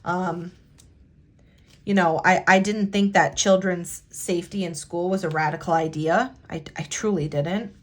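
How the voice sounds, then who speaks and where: A woman from the United States chatting casually while decorating her planner, talking in a halting, hesitant way with sighs and restarts, sincere and heartfelt. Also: on the low side, fairly even intonation. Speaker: planner vlogger.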